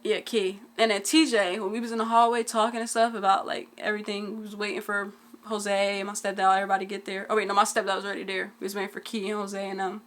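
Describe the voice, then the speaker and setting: A woman's voice: mid-range voice, flat delivery, fast talker. Casual young woman telling a story. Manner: casual, dialect-heavy storytelling with many "like"s. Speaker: twin vlogger.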